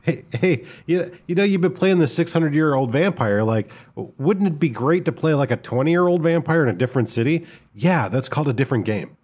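A man's voice: a little high, animated, brisk, few pauses, darkish tone, slightly rough. A man co-hosting a casual podcast review of a tabletop game book, talking in a rambling, hesitant way with lots of fillers. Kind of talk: casual chat.

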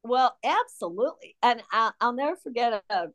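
A woman's voice: fairly high pitch, lively intonation, moderate pace, a bit bright. A middle-aged woman from Michigan, a guest telling her story in a frank, blunt, sardonic conversational way. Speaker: interview guest.

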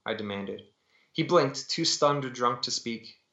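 A man, an author, reading his own novel aloud in steady, dramatic first-person narration over a video call. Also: mid-range voice, measured pace. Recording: dull echoey call audio.

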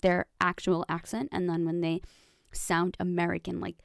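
A woman's voice: lowish voice, completely flat delivery, normal speed, gravelly, smooth, no echo, clean studio sound. A woman co-hosting a radio show in casual chat, musing in a chatty way.

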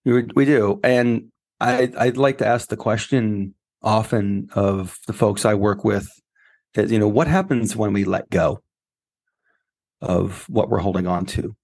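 Man, interview guest, low pitch, earnest, emotional storytelling. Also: unhurried, darkish tone. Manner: earnest, emotional, acts out quoted dialogue. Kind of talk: personal storytelling in conversation.

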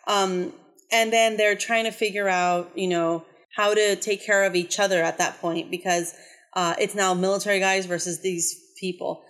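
A woman's voice: medium pitch, steady tone, moderate pace, a bit bright. Brief: woman co-host, loose rambling recap, fillers and restarts, casual chat. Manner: rambling plot retelling with many fillers.

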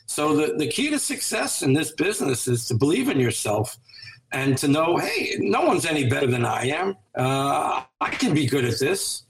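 A man's voice: a little high, sing-song, normal speed, roomy sound, low-quality recording. A man speaking as a guest in an interview, giving earnest, motivational advice with a coaching tone.

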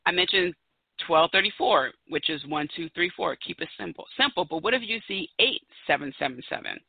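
A woman's voice: on the low side, animated, brisk, gravelly, a little hiss or hum. A woman in her thirties hosting a solo podcast, talking in a chatty, emphatic way and pressing her points home. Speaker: podcast host. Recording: tinny phone-like dry audio.

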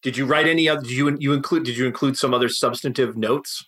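Teasing man, bright voice. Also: medium pitch, fairly even intonation. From United States. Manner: teasing, quick interjections. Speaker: podcast co-host. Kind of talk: casual chat.

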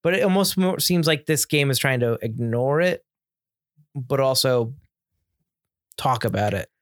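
A man's voice: medium pitch, measured pace, no room sound. Opinionated man in dry casual chat. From United States. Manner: opinionated, rambling with restarts. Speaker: podcast co-host. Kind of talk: casual chat about video games.

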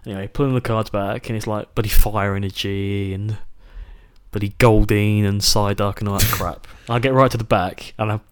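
A British man in his twenties co-hosting a podcast, telling an animated childhood story and swearing casually. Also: lowish voice, moderate pace, smooth. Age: 20s. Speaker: podcast co-host.

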